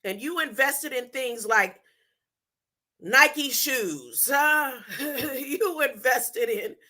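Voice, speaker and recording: A woman's voice: high voice, expressive, very slow, bright, forceful tone. A woman hosting a podcast, teaching scripture informally in a conversational way and retelling the story in her own words. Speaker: podcast host.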